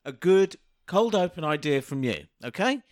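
A man's voice: fairly high pitch, sing-song, normal speed. A man co-hosting a comedy podcast, sheepish and giggly as he bluffs through his bits. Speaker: podcast co-host. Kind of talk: comic banter.

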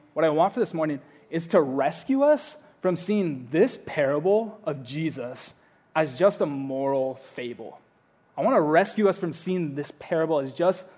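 A young adult man delivering a sermon in a relaxed, chatty way. His voice sits high for a man. He tells his story in an animated, playful way. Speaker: pastor.

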